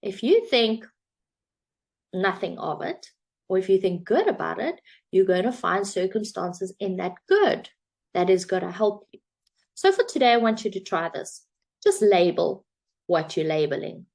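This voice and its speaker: A woman's voice: mid-range voice, big pitch swings, unhurried, creaky, darkish tone. Woman telling a motivational parable. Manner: conversational storyteller with fillers. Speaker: self-help coach.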